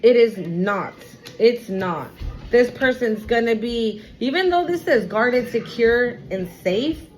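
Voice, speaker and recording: Slow, emphatic woman reading tarot. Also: a little high, expressive, a little hiss or hum, low-quality recording. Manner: emphatic, blunt and profane, repeats warnings. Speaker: tarot reader. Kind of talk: casual tarot reading to viewers.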